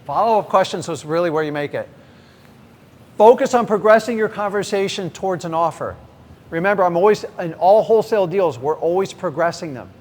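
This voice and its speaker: A middle-aged man teaching a live seminar. He is energetic and direct, often questions the audience and then answers himself. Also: sits high, a little fast. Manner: energetic, direct, acts out sample conversations. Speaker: real estate investing trainer. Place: large event hall with a live audience. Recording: echoey hall, faint background noise.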